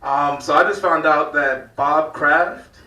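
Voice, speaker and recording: A man from Virginia works through a stand-up set at an unhurried pace. His voice is very bright and sits a little high, and he keeps chuckling at his own lines. He is picked up from far off in an echoey club room. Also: fairly even intonation, faint music behind. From Virginia, United States. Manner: loose, rambling delivery with frequent laughs at his own jokes. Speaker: stand-up comedian. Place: comedy club stage.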